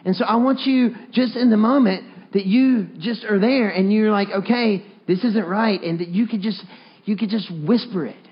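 A man's voice: sits high, normal speed, husky, lo-fi sound. A man preaching a sermon, coaxing his congregation to repeat a phrase back to him. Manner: leads the congregation in call-and-response, earnest and coaxing. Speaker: pastor.

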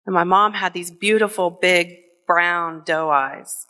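A middle-aged woman from Northwest Ohio telling a personal story on stage, slow and deliberate with emotional pauses. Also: fairly low pitch, sharp tone. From Northwest Ohio, USA. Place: theater stage before an audience.

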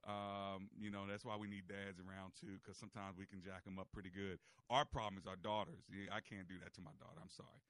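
A man's voice: low voice, little pitch movement, fast, hardly any pauses, fairly bright tone, no room sound. A man hosting a call-in advice show on the radio, giving blunt, folksy, joking advice into a studio microphone.

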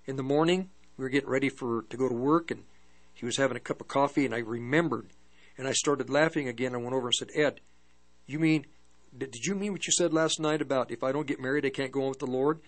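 An older man preaching and telling a personal testimony in a halting storytelling way, with many restarts. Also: mid-range voice. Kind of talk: testimony sermon.

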